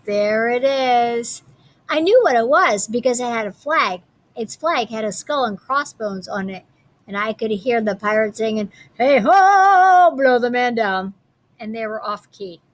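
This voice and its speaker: Woman teacher reading a picture book to kids, high voice, chatty little asides. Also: normal speed. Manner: friendly, chatty asides to children.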